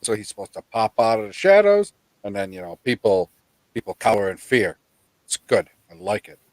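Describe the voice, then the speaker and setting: Swearing, animated man ranting on a live stream. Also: lowish voice, normal speed, no echo, rough recording. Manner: animated, profane ranting with mock quotes. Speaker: host of a live pop culture stream. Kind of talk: casual live-stream chat.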